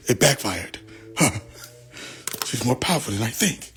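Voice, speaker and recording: A man hosting a casual livestream, joking and laughing often, swearing freely, and swinging between loud outbursts and quiet mutters into his phone. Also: mid-range voice, animated, unhurried, background noise. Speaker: livestream host.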